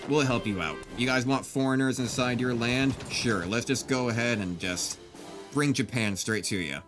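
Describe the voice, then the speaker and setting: With game music in the background, a male gaming YouTuber talks at normal speed in a medium pitch. His commentary is casual and jokey, full of laughter and mock-grandiose outbursts.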